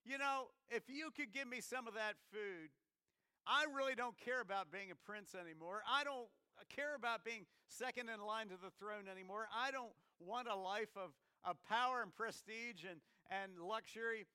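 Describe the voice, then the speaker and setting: A man voicing a hungry young prince who gushes over barbecue in an eager, drawn-out way, with an American accent instead of a British one. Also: high voice, sharp tone, clear, resonant tone, no room sound, clean studio sound, voice pushed up. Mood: pleading. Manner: gushing, slowed for effect.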